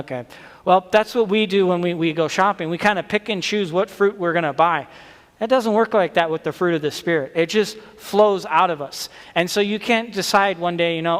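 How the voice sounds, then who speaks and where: A man's voice: a little high, a bit bright. Man giving a children's sermon in a reverberant church. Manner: friendly, question-asking, with frequent restarts. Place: church sanctuary.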